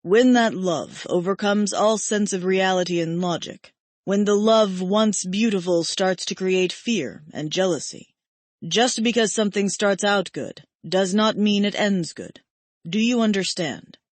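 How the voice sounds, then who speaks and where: A woman narrating an audiobook, voicing an ancient, sorrowful male angel who speaks softly and solemnly. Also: medium pitch, measured pace, dry recording, lightly acted. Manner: soft, hushed, solemn. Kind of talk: audiobook character voice.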